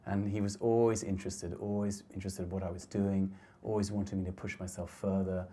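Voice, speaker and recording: Soft-spoken man with a low, mellow voice. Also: flat delivery. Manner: gentle, halting, with restarts. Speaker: photographer giving a talk. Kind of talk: reflective slide talk. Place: lecture hall.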